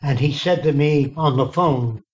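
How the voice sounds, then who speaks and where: Blunt folksy guy telling stories, bit high voice, muffled lo-fi sound. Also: unhurried. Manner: blunt, folksy, quotes people in dialogue. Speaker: interviewee. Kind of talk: storytelling in conversation. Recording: dull lo-fi recording.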